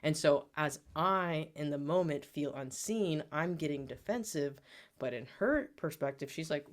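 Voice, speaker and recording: A man's voice: fairly high pitch, animated, unhurried. A man co-hosting a podcast, earnestly reflecting on his own feelings and growth with therapy-style language. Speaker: podcast co-host. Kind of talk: personal storytelling on a podcast.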